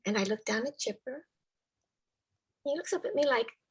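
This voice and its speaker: A woman telling a personal story to a live audience in a soft, measured way, often dropping to a hushed whisper. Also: a little high, lively intonation, slightly rough, low-quality recording. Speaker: storyteller, spiritual care volunteer with a therapy dog.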